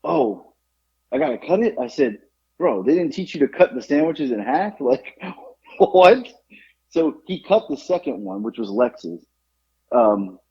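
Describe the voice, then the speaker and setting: A man tells a story on a podcast in relaxed, casual chat, playing out each exchange. His voice is husky and his pitch swings widely. The recording sounds dull and lo-fi. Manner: animated, acts out quoted exchanges. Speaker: podcast co-host.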